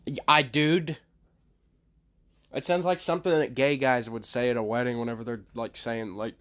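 A man co-hosting a podcast, talking loudly and cracking crude jokes in casual banter. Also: mid-range voice, steady tone, moderate pace. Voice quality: loud, crude and joking. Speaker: podcast co-host.

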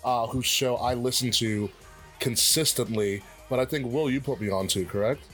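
A man hosting a wrestling podcast in a mid-pitched voice. He delivers grandiose, announcer-style introductions with casual humor. Faint music plays behind him. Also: normal speed, fairly bright tone. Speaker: podcast host and general manager.

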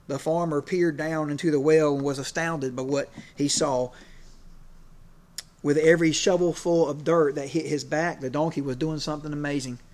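A man's voice: on the high side, steady tone, normal speed, darkish tone. Conversational male preacher, full of fillers. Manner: conversational, many fillers, gets emotional. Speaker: preacher and PE teacher. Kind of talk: sermon.

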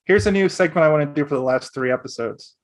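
A man co-hosting a casual podcast, animated and swearing freely as he acts out quotes. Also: a little high, fast talker. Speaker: podcast co-host. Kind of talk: casual chat.

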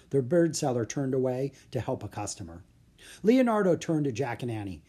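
An expressive storybook narrator whose voice is slightly husky and whose pitch moves about with lively variety. The reading is clear and steady. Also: normal speed.

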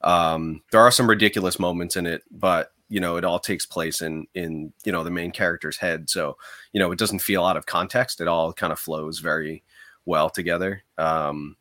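Man, podcast co-host, casual chat, very deep voice, bright and tense tone. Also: fairly even intonation, moderate pace.

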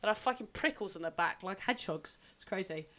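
A young woman, co-hosting a casual podcast chat while recovering from a cold that deepens her voice, chatty and laughing often. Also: lively intonation, a little fast, a bit bright. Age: young adult. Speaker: podcast co-host.

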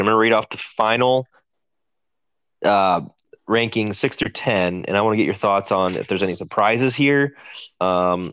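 Low-voiced easygoing man. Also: a bit bright, clean tone, no room sound. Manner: easygoing, conversational, leads the questions. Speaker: podcast co-host. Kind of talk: casual sports chat.

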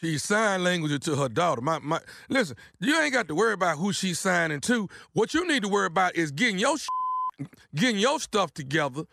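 A man making a prank phone call on a radio show, arguing in a heated, animated way. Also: high voice, fairly quick, vocal fry, dry recording. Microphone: studio mic.

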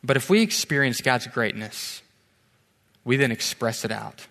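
A male pastor preaching in a church sanctuary, his voice set a little high and bright as it rings through a long hall reverb. He talks in a lively, conversational way, throwing rhetorical questions at the congregation. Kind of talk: sermon.

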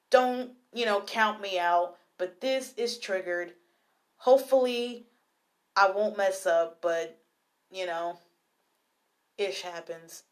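A young adult woman hosting a podcast in a casual, slangy style, talking straight to her listeners, then reading a poem slowly and softly. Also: medium pitch. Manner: chatty and slangy, addresses listeners directly. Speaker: podcast host.

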